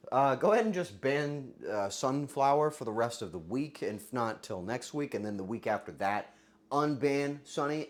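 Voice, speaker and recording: A livestreamer with a voice going hoarse, joking crudely with chat and bursting into yelling. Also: mid-range voice. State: voice getting hoarse. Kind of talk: casual livestream chat with viewers.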